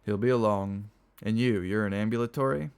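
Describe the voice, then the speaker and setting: A man's voice: lowish voice, fairly quick, darkish tone, clean tone, lightly acted. A man voicing a fussy, vain aging male cremator with a slight stutter, in a read-aloud story. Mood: mannered.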